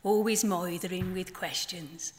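A tart, resigned old grandma flamingo with a Black Country accent, as a woman poet puts her on. She mutters low and dry, grumbling at her chick. The voice carries a long hall reverb. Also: fairly even intonation, measured pace, natural voice. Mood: weary.

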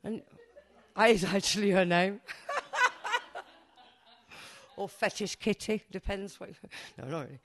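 A woman's voice: mid-range voice, measured pace, long pauses. Woman telling a cheeky tale. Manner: chatty, self-mocking, swears freely, laughs at own jokes. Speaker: performance poet. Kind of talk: live comic storytelling. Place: stage before a live audience.

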